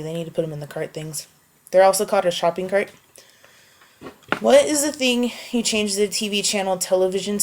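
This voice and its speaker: A woman making a casual voice post, answering questions wryly and reading a book passage slowly and evenly. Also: medium pitch, a little mellow. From United States. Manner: offhand and wry, reads prose slowly and evenly. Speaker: vlogger answering a question meme.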